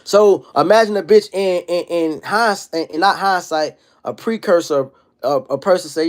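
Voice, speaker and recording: A man in his thirties holds forth on his livestream, slinging profanity and street slang as he spins his stories. His voice sits a bit high for a man. He tells it all with loose, animated energy. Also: moderate pace. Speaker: livestream host. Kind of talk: casual livestream monologue.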